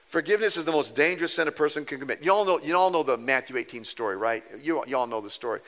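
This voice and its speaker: A middle-aged pastor with a bright, forward voice and a slightly high pitch, preaching in a loose storytelling way. He jokes at his own expense and slips into the voices of the people in his anecdotes. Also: rapid-fire, few pauses. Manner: animated, self-mocking storyteller who acts out quoted people. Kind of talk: storytelling sermon.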